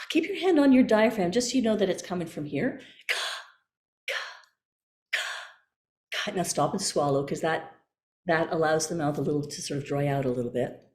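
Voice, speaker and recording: A woman voice coach leading a workshop over a video call, giving calm, gentle cues. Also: lowish voice, reverberant. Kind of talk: guided workshop instruction.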